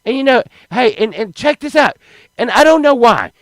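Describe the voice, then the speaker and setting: A man telling a rambling, profane comic story, swinging between loud excited bursts and low mutters. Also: moderate pace, no echo, rough recording. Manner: profane, rambling, animated, with sudden drops to mutters.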